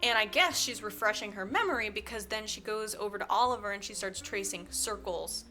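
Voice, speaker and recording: A woman podcast co-host casually recapping a movie plot, animated and full of fillers, acting out the characters' lines as she goes. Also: mid-range voice, fairly quick, faint music behind.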